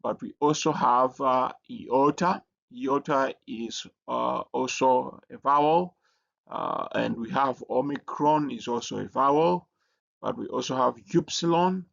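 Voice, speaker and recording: A man presenting a recorded lesson, speaking haltingly with many fillers and restarts. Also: medium pitch, gravelly. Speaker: teacher. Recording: dull lo-fi recording.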